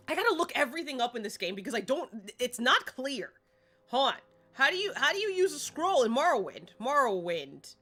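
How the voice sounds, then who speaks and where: Excitable high-voiced woman streamer. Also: a little fast, soft background music. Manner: excitable, rambling, talks to herself. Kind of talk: live gameplay chatter.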